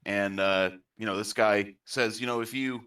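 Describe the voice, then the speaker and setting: A man's voice: on the low side, steady tone, normal speed, fairly bright tone, smooth, distant mic. A man telling jokes in a casual chat with friends, rambling and chatty.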